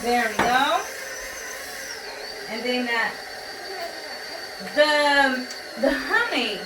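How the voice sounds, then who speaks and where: A woman with a non-native accent shows how to bake at home, speaking haltingly with many fillers and apologies. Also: fairly high pitch, animated, noisy background. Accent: non-native English. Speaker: home baking instructor. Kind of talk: casual cooking demonstration. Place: home kitchen. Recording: echoey kitchen, mic far off.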